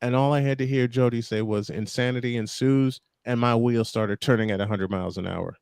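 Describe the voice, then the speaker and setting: A man's voice: mid-range voice, fairly even intonation, fast, gravelly, darkish tone, smooth, dry recording. A man hosting a casual talk show, telling stories with frequent laughs and restarts. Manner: laughing, storytelling, repeats himself. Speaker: show host. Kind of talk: casual podcast chat.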